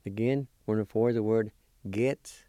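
A man teaching a language lesson, spelling words letter by letter and pronouncing them slowly and deliberately. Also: fairly low pitch, steady tone, mellow, clear, resonant tone, no echo.

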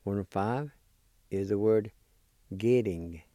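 A man teaching a language lesson, spelling words letter by letter and pronouncing them slowly and deliberately. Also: on the low side, mellow, dry recording, clean studio sound.

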